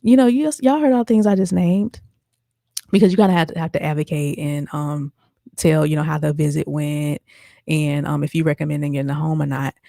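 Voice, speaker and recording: A woman podcast host with a low, creaky, mellow voice tells a personal story briskly and in a steady tone, chatting straight to her listeners as "y'all" with plenty of fillers. The studio sound is clean, with no room noise.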